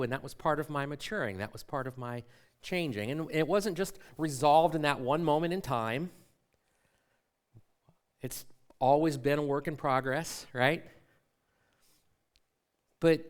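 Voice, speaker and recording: A middle-aged man preaching a sermon, telling a personal story in an animated, self-mocking way. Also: medium pitch. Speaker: pastor.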